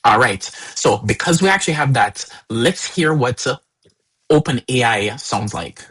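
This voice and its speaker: Husky-voiced man hosting a tech live stream. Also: mid-range voice, unhurried, low-quality recording. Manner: stammering, repeats words when excited. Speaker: host.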